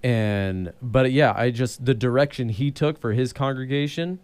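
A man, a pastor, chatting casually on a church podcast, rambling with many restarts and animated asides. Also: mid-range voice, normal speed, smooth, no room sound. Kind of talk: casual chat.

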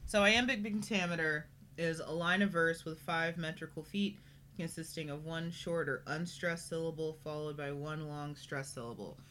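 A woman's voice: deep voice, fairly even intonation, moderate pace, fairly bright tone, slight background noise. A woman co-hosting a casual podcast chat, dry and wry, swearing now and then. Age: adult, studied in college. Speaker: podcast co-host.

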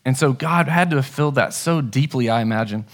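A man's voice: mid-range voice, brisk. A man in his thirties preaching a sermon as pastor, telling family stories in an earnest, conversational way. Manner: conversational, earnest storytelling with restarts.

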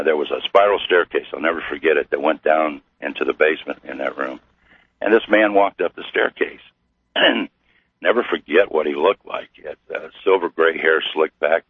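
A middle-aged man from Missouri, a guest telling his story slowly with many pauses and fillers. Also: very deep voice, husky, no room sound. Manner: slow, halting with many fillers. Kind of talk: storytelling interview. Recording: tinny phone-like radio line.

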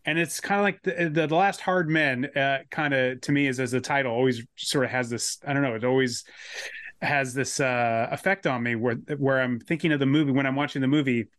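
A man's voice: medium pitch, steady tone, brisk, fairly bright tone, no room sound. A man chatting casually about films on a podcast, rambling with many restarts. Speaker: podcast co-host. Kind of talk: casual film podcast chat.

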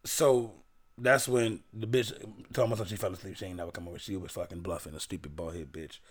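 A man on a casual podcast, retelling a dating story in a blunt, profane, deadpan way with lots of restarts. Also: sits low, a little fast. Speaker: podcast co-host telling a story.

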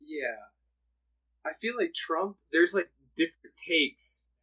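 Bright-voiced young man telling stories. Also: a little high, animated, takes it slowly, breathy edge, rough recording. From New Jersey. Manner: laughs often, storytelling with many "like"s. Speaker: podcast guest. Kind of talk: casual chat.

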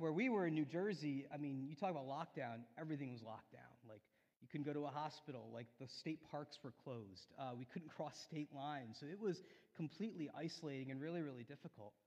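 A man preaching a sermon in a church, telling a personal story earnestly, rising loud and then dropping soft. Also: a little high, highs cut off. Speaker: pastor. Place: church sanctuary. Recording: long hall reverb.

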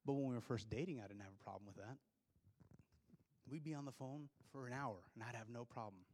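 A man's voice: mid-range voice, fairly quick, a little mellow, slight background noise. A male pastor giving a sermon to his congregation, pressing his points with rhetorical questions and dropping into plain, conversational asides. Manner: emphatic preaching full of rhetorical questions.

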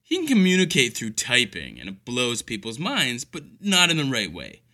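A man's voice: medium pitch, wildly swooping pitch, moderate pace, pushed and bright. A man delivering an exasperated, profane comedic rant full of sarcasm. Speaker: caregiver telling stories.

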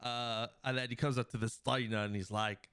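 A man's voice: medium pitch, level tone, normal speed, fairly bright tone, clean tone, no echo, studio quality. A man hosting a podcast, recapping a film's plot in a loose, rambling way with lots of fillers. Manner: acts out quoted lines. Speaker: podcast host. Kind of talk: casual film plot recap.

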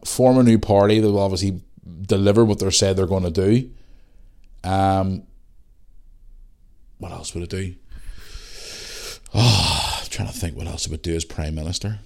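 A middle-aged man with a Northern Irish accent hosting his own podcast alone, ranting bluntly with lots of swearing and tired from a rough day. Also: sits low, fairly even intonation, measured pace, long pauses, darkish tone. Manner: blunt and sweary, rambling rants. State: tired, yawning. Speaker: podcast host. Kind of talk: casual solo podcast chat.

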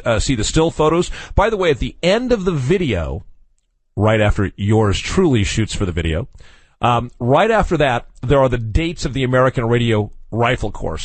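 A male radio talk show host with a mid-range voice that swings widely in pitch. He talks in a casual, wry and opinionated way, dropping in chuckles and asides. The studio sound is dry and close. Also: no room sound.

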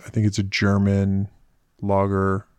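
Host guy from north america, lowish voice, dry sound, asks stuff kinda haltingly. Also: completely flat delivery, clean tone, no echo. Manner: curious, halting questions. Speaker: interview host. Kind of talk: casual interview questions.

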